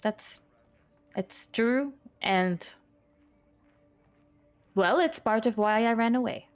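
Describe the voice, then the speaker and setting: A woman's voice: on the high side, takes it slowly, clear, resonant tone, soft background music. Woman playing a defiant young runaway. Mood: guilty.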